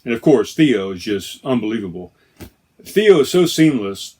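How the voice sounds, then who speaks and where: A man's voice: mid-range voice, big pitch swings, normal speed, darkish tone, husky. Rambling enthusiastic male podcast host. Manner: rambling, self-correcting, enthusiastic. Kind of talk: casual solo podcast chat.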